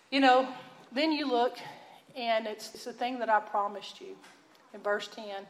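A woman with a Texan accent, teaching a sermon in a folksy, earnest storytelling way that drops to a hush for emphasis. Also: on the high side, measured pace, reverberant, rough recording. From Texas. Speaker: Bible teacher.

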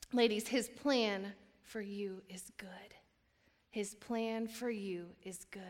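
A woman's voice: mid-range voice, sharp tone. A woman giving a conversational sermon at a women's church event, earnest and candid, weaving scripture together with stories about her family. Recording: echoey hall.

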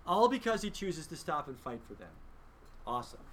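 Man, teacher, emphatic conversational teaching, rhetorical questions, somewhat high voice, tense bright tone. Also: very animated, a little fast, a little hiss or hum. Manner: asks the listeners many rhetorical questions. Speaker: teacher leading a film discussion. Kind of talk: lively teaching talk.

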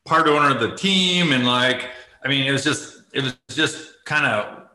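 A middle-aged man talks over a video call from an echoey room, and his voice sounds bright and forward. He rambles through his stories, leans on "like", laughs in between, and sounds tearful at moments. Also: medium pitch, normal speed. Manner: rambling, says "like" often, laughs while telling. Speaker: interview guest, former ice hockey player. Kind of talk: casual interview storytelling.

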